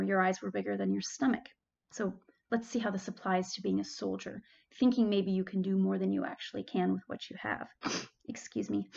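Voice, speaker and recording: A woman's voice: medium pitch, vocal fry, dull audio. A woman giving a chatty classroom history lecture, correcting herself and adding asides. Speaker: history teacher.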